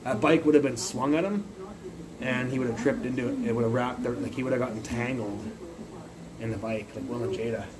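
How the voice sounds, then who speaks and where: A man's voice: medium pitch, fairly even intonation, a little fast, over a noisy crowd, rough recording. A man livestreaming from his phone, ranting in a rambling, profane, casual way. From Canada.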